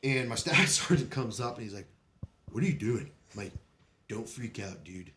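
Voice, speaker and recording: Laughing, animated, profane male storyteller. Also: on the low side, normal speed, noisy background. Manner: animated, profane, laughs often while telling stories. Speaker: podcast guest telling war stories. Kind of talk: casual storytelling chat.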